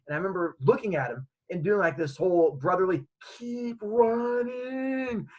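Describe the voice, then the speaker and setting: Male storyteller, comedic and animated, slightly high husky voice. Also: quick pace, poor audio. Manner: animated, acting out scenes.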